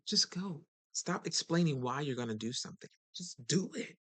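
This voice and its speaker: A host giving a casual motivational talk, chatty and direct with listeners, and animated when acting out other people. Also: medium pitch, moderate pace.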